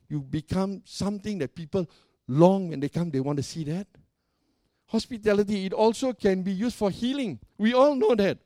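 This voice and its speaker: Guy pastor preaching, high voice, excitable and jokey, keeps asking the church to answer back, dry close sound. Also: normal speed, no echo. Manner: excitable, jokey, call-and-response with the congregation. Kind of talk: sermon.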